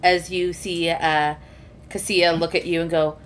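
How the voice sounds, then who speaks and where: A woman running a tabletop game, laying out scenes in loose, descriptive narration with frequent fillers. Her voice sits on the low side. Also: level tone, a little slow, a little hiss or hum. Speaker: game master.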